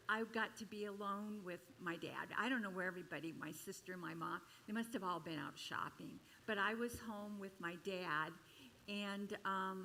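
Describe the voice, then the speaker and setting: An older woman minister telling a personal story in a chatty, expressive sermon at a church service. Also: slight background noise, rough recording. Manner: chatty and expressive, with sudden jumps in pitch and loudness.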